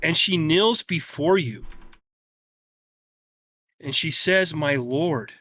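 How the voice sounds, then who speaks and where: A man narrating a tabletop game as game master, telling the scene slowly and dramatically. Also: on the high side, bright, forceful tone, dry recording, studio quality. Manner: slow, dramatic storytelling.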